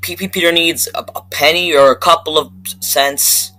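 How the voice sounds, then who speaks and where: A man giving a rambling, profane movie review rant that keeps flaring up into loud outbursts. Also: a little high, fairly even intonation, normal speed, rough recording.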